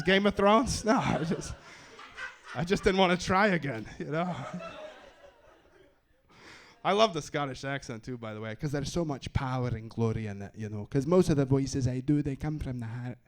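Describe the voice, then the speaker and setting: A man's voice: mid-range voice, normal speed. A young man performing a stand-up comedy set in a wry, self-deprecating way on a club stage.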